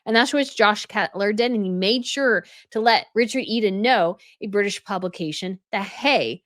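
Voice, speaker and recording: A woman's voice: mid-range voice, normal speed, a bit bright, no room sound, clean studio sound. A woman giving casual news commentary as a channel host, chatty and full of fillers.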